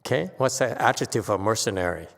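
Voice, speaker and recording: A man's voice: expressive, fast talker, creaky. Buddhist teacher guy lecturing, needles the room with questions, long hall reverb. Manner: challenging, with pointed rhetorical questions; sudden rises in pitch and force when stressing a point. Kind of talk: Dharma lecture.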